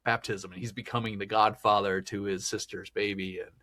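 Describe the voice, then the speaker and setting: Male podcast host, slightly low voice, loose chatty delivery with frequent laughs. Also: flat delivery, fairly quick, pushed and bright. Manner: rambling, chatty, laughs often. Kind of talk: casual film discussion.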